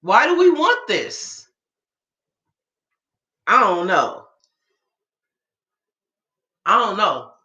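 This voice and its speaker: A woman's voice: mid-range voice, wildly swooping pitch, extremely slow, pauses often, sharp tone, lo-fi sound. A woman giving a reaction commentary rant, emphatic and informal, firing off rhetorical questions. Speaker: political commentator. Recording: roomy echo.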